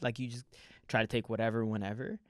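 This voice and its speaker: Speaking fast in a lowish voice with little pitch movement, this podcast guest, a comedian from Canada, spins laid-back stories. Profanity and laughter run throughout, and he plays both parts of each exchange. The sound is dry and studio-clean.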